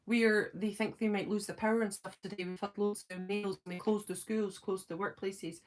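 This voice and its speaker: A middle-aged Scottish woman hosts a casual live stream and chats to her viewers. She is giggly and self-deprecating, with plenty of ums and quick asides. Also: medium pitch, fairly even intonation, soft background music. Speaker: host of a fan live stream. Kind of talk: casual live-stream chat, reading comments.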